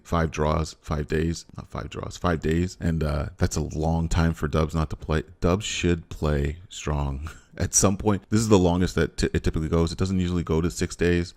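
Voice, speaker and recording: Very deep gravelly man hyping lottery picks. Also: a little mellow. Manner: repetitive, hypes up bets with catchphrases. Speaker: lottery strategy host. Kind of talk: fast upbeat instructional patter.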